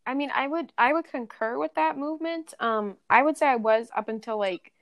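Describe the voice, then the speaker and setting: A woman's voice: sits high, a little fast, dry recording, studio quality. Candid young woman telling a story. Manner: candid, profane, filler-heavy storytelling. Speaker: podcast guest. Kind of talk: casual podcast chat.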